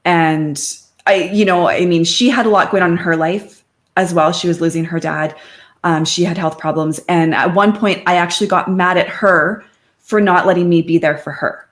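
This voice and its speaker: A woman's voice: lowish voice, moderate pace. A middle-aged woman, a podcast guest, speaking openly and conversationally about her life. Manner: open and conversational, quotes friends in lively voices. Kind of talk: candid personal interview.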